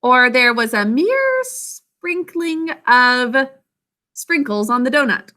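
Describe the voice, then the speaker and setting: This spelling teacher is very animated, her high, bright voice carefully dictating each word slowly while she stretches it and breaks it down into syllables and individual sounds.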